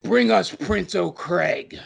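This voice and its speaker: A man's voice: high voice, animated, slow pace, gravelly, slightly rough, exaggerated voice. A man voicing a huge armored male orc warrior who is blunt and hostile, in a tabletop game. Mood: menacing.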